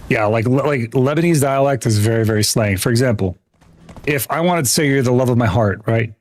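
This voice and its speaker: Young guy gaming on stream, mid-pitched, keeps saying like and restarting, laughs a lot. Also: fairly quick, darkish tone. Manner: rambling, full of "like" and restarts; laughs easily, chatty with viewers. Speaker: gaming livestreamer. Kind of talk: casual chat while gaming.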